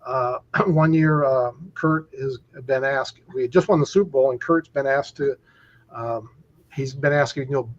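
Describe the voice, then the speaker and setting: A man's voice: medium pitch, steady tone, measured pace, dull audio. A man who works as an equipment manager, telling rambling anecdotes on a talk show, with many restarts. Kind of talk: casual storytelling chat.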